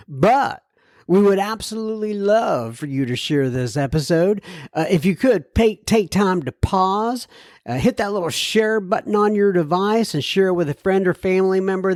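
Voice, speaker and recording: A man's voice: a little high, dry recording, clean studio sound. Chuckling man hosting a casual podcast. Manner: chuckles often while talking; earnest and warm-hearted, with many fillers. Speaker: podcast host.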